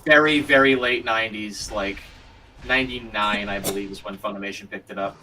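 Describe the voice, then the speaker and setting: A man's voice: on the low side, brisk, sharp tone, recorded from a distance, a little hiss or hum, low-quality recording. A young man chatting casually and bluntly while streaming a co-op game, swearing freely. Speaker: co-op gaming streamer. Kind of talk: casual chat while gaming.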